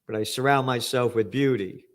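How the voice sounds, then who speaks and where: An older man rants about the news in an angry, profane, emphatic way. His voice sits at an ordinary middle pitch for a man. He punches key words and mocks what he reads out. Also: normal speed. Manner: angry, profane, emphatic ranting with sarcastic mock quotes. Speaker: trends forecaster hosting a news commentary. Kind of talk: ranting news commentary.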